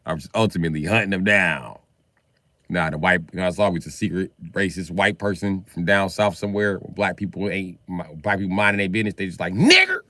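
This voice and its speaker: A man talking casually on a live stream in a profane, animated way, breaking into laughs between remarks. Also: sits low, no room sound.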